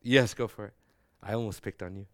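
A man's voice: lowish voice, fairly even intonation, fairly quick, fairly bright tone. A man teaching theology to a classroom, talking conversationally with frequent fillers and rhetorical questions. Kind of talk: classroom lecture.

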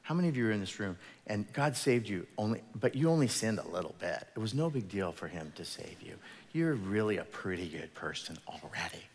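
Low-voiced pastor preaching in a hall. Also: male voice, big pitch swings, brisk, slight background noise. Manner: casual storytelling, retells scripture in everyday words. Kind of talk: conversational sermon.

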